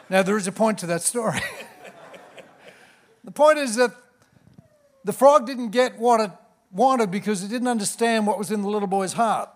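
A man, a pastor preaching a sermon in church with joking, self-mocking asides. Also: high-pitched. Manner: warm, humorous storyteller with self-mocking asides.

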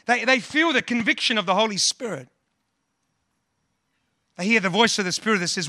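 Brief: male pastor delivering a sermon, earnest, repeats himself, bright and forward tone. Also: high-pitched, normal speed, long pauses, no room sound, studio quality. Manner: earnest, repeats words, quotes scripture and hymns.

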